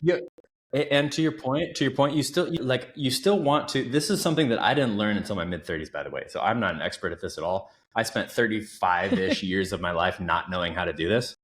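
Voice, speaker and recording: This podcast guest, a coach in his thirties, has a fairly low pitch and speaks fairly quickly. His casual interview storytelling comes across as earnest, emphatic and animated, with a roomy echo around it.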